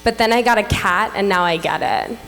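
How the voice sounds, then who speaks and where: A young woman in her twenties emcees a gala from the stage of a large hall, delivering a playful, self-mocking stand-up set into a stage mic. Her medium-pitched, creaky voice moves fairly quickly through animated punchlines. The recording carries hall echo and faint room ambience.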